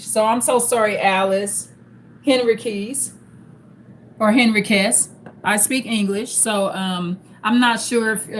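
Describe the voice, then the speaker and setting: Woman, live stream host, slow casual talk, greets viewers, light background noise. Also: mid-range voice, a bit bright.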